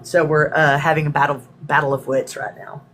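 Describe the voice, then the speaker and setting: A woman's voice: sits low, steady tone, fairly quick, fairly bright tone, a little hiss or hum. A woman from Texas, hosting a spiritual livestream in a chatty, rambling way and greeting viewers by name. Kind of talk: casual livestream talk.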